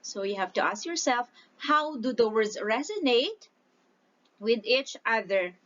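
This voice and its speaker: A woman teacher giving a recorded lesson, explaining slowly and deliberately, stretching out syllables when she reads example lines aloud. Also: a little high, lively intonation, a bit bright. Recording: dull lo-fi recording.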